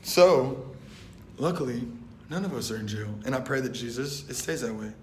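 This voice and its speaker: A man's voice: normal speed, a little hiss or hum. A young man and Christian rapper giving a casual, slang-filled faith talk, retelling a Bible story and acting out its voices. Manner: animated and slangy, acting out voices with "boom" and "bet". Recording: roomy echo.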